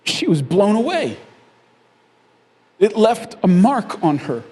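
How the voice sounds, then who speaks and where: Speaking slowly in a high voice with a breathy edge, a pastor preaches conversationally, spinning his sermon as a story. He checks in with the congregation through frequent "right?" asides and chuckles animatedly at his own lines.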